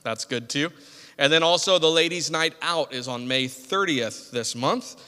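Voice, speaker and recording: Bright-voiced pastor in a reverberant hall. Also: male voice, a little high, unhurried, clean tone. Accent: American. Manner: casual, self-deprecating asides to the congregation. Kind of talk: sermon. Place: church sanctuary.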